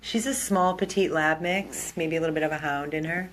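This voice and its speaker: A woman with a low voice narrates a phone video for an animal rescue from inside a room. She speaks earnestly and with feeling, straight to her viewers, with a faint hiss of noise under her. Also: steady tone, brisk. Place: indoor room.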